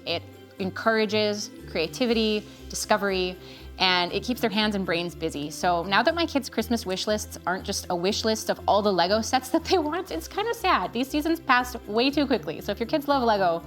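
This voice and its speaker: Chatty mom reviewing kids' gifts. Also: female voice, medium pitch. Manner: chatty, earnest, candid. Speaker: parent vlogger recommending gifts. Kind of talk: casual review vlog. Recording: faint music behind.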